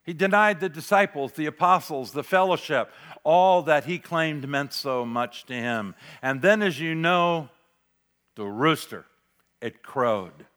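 A man preaching a sermon as pastor, dramatic, swinging between loud declarations and near-whispered asides. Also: fairly high pitch, animated, measured pace. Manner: dramatic, varies loudness, drops to near whisper for emphasis.

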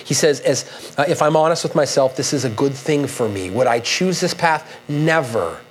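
A man preaching a sermon, earnest and halting, with many restarts, reading quoted passages with rising emphasis. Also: medium pitch, faint music behind, rough recording. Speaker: pastor.

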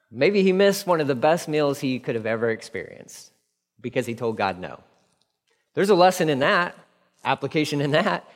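A man preaching a sermon in a conversational, animated way, dropping into quick acted asides. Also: a little high, big-room sound. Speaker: pastor.

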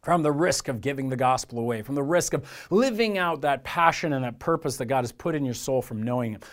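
A man's voice: mid-range voice, expressive, brisk. A man preaching a sermon as pastor, in an earnest, conversational way with lots of repetition.

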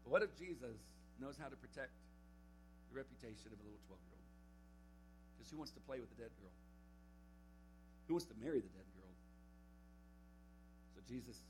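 A young man giving a camp sermon to teenagers, telling a Bible story with lively acted-out quotes. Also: mid-range voice, low-quality recording. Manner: animated storytelling, acting out quotes. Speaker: camp speaker. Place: camp meeting hall.

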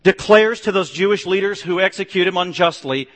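Emphatic preacher, man, reverberant hall. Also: fairly quick. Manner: emphatic, swings between loud declarations and low hushed stretches. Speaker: pastor. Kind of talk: sermon.

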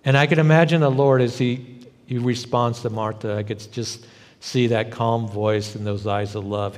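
A man's voice: mid-range voice, steady tone, moderate pace, darkish tone, long reverb tail. A man pastor preaching a sermon in a conversational way, rising into emphatic bursts. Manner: conversational, emphatic bursts, frequent "you know".

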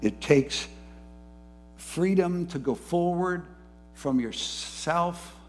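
A man preaching a sermon, moving between soft, low musing and rising, fervent emphasis. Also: drawn-out words. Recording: faint music behind.

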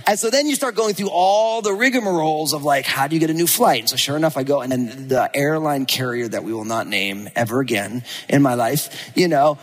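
A man who is a pastor, preaching a sermon and telling a personal story in a lively, animated way, acting out the lines of people in it. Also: on the high side, a little fast, hardly any pauses, big-room sound. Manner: animated storytelling, acts out quotes. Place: church.

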